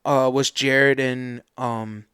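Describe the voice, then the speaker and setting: A man chats on a podcast, rambling through stories with slangy enthusiasm. His voice is smooth and resonant at an ordinary pitch. The sound is dry, with no room echo. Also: takes it slowly. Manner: animated storyteller, slangy and loose. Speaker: podcast co-host. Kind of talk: casual podcast chat.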